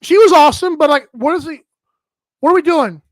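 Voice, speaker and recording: A woman's voice: high-pitched, brisk, dry recording. A woman hosting a sports talk show, rambling in an exasperated, casual rant full of fillers. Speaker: sports podcast host.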